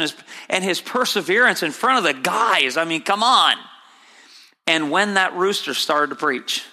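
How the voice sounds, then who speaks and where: A man's voice: fairly high pitch, sharp tone. A man preaching a sermon as pastor, conversational and repetitive with many restarts. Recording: hall reverb.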